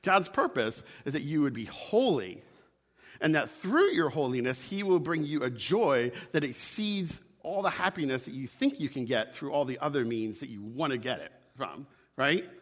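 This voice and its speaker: A man's voice: mid-range voice, lively intonation, moderate pace, big-room sound. A man preaching a sermon, emphatic, repeating his key lines and checking in with "right?". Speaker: pastor.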